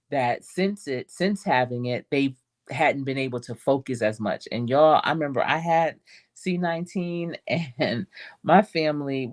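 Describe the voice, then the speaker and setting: A woman's voice: low-pitched, darkish tone. A middle-aged woman coach telling a story in a casual motivational talk, laughing often and calling her listeners y'all. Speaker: life coach.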